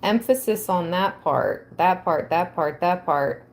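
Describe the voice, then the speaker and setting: Slow, musing woman reading tarot. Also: fairly low pitch, animated. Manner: musing, reads aloud slowly, reacts with soft exclamations. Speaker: tarot reader.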